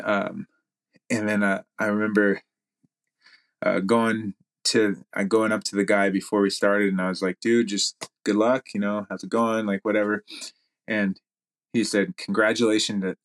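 Low-voiced man telling a story casually. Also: little pitch movement, moderate pace. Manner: rambling, many fillers and restarts, laughs while talking. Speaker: podcast guest, jiu-jitsu athlete.

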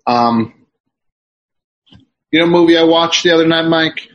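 Rambling, halting man hosting a chat. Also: fairly high pitch. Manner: rambling, halting storyteller with many restarts. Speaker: radio show host. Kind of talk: casual chat. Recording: dull, lo-fi sound.

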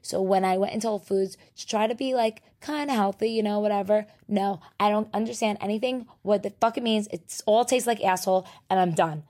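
A young woman in her twenties from New Jersey, hosting a casual solo podcast. She rants about her week in profane, animated bursts with laughter, while sick. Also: medium pitch, fairly quick, few pauses. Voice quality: profane, animated ranting with laughs and loud outbursts. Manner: drops to near-whisper while partner is downstairs. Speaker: podcast host.

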